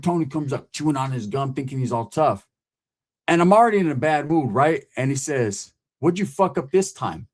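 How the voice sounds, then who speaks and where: Man, middle-aged, profane casual storyteller, tosses in "right?" often, mid-pitched voice. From California. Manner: profane, animated, keeps asking "right?".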